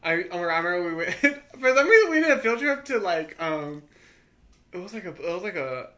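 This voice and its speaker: A young woman co-hosting a casual chat podcast, a relaxed storyteller who restarts her sentences and laughs softly as she talks. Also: fairly low pitch, fairly quick. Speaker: podcast co-host.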